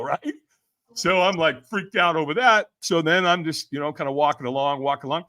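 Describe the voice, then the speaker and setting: Speaking briskly in a slightly high voice, a firewalk trainer appearing as a podcast guest recounts a lively, casual story. He acts out the quoted voices of others and laughs frequently.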